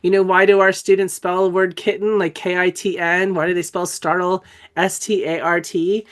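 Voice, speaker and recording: A dyslexia trainer with a cold presents a webinar, coughing and clearing her throat as she goes. Her voice sits on the low side with a flat delivery at normal speed, yet her online teaching is enthusiastic and conversational, and she spells out letters while explaining.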